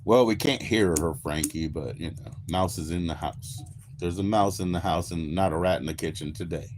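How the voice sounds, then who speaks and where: Laid-back, low-voiced, profane American man. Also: moderate pace, slight background noise. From United States. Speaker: livestream host. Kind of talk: casual livestream chat.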